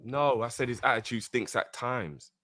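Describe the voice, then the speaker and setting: A man's voice: mid-range voice, normal speed, sharp tone, dry recording, studio quality. A man co-hosting a fan talk show, arguing heatedly and repeating his points insistently. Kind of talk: heated debate, arguing the club's side.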